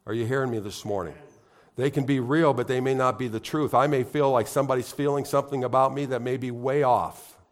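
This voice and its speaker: A man's voice: medium pitch, fairly even intonation, a little fast. A middle-aged man preaching a sermon in church, conversational and heartfelt, building to emphatic, rising appeals. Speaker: pastor.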